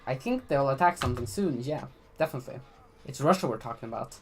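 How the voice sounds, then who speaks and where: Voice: medium pitch, expressive, fast, slight background noise. A vlogger from Sweden giving casual commentary in a rambling, blunt and profane way, with frequent restarts.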